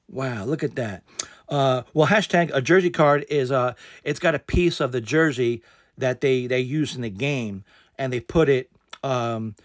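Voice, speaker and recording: A man's voice: medium pitch, no echo, studio quality. A man hosting a casual card unboxing, rambling with lots of fillers and repeated exclamations.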